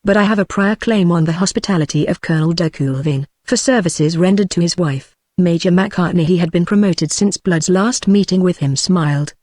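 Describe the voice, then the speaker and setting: A text-to-speech woman's voice with a British English accent, reading a novel aloud in an even, measured way. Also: fairly low pitch, no echo, studio quality. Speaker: narrator.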